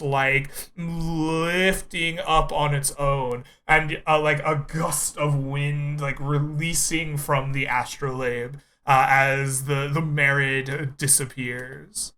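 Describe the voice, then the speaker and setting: A man running a tabletop game, narrating scenes for his players. His voice sits high and sounds bright and clear. He takes his time, pausing on fillers as he describes the action. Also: fairly even intonation. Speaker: game master.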